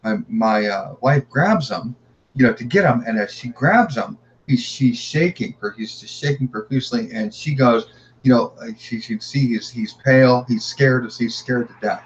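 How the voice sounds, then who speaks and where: A middle-aged man tells a guest story of his family's haunting, stumbling over words and restarting phrases. His pitch sits in the ordinary middle range. The recording is a little dull, with a faint hiss behind him. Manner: halting, repeats words, acts out quotes. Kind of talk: recounting paranormal experiences.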